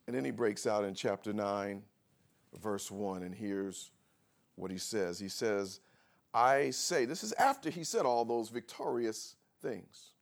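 A man preaching a sermon as pastor, drawing out emphatic words, pausing for effect, and swinging between soft asides and shouted emphasis. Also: fairly low pitch, vocal fry. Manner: drawn-out emphatic words with pauses.

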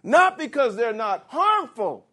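A man preaching a sermon. He reads scripture slowly, explains it in plain words, and rises to emphatic shouts. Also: extremely high pitch, sing-song.

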